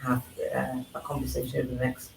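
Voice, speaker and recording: A man's voice: mid-range voice, completely flat delivery, fast talker, vocal fry, echoey room, recorded from a distance, a little hiss or hum, rough recording. A man from England speaking thoughtfully on a live panel at a forum, with frequent fillers. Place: event hall at a live forum.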